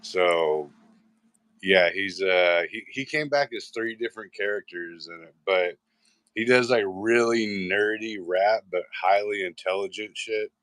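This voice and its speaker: Low-voiced rambling, profane man. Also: unhurried, a bit bright, dry recording. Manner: rambling, profane, restarts often. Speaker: host. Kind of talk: casual live-show chat.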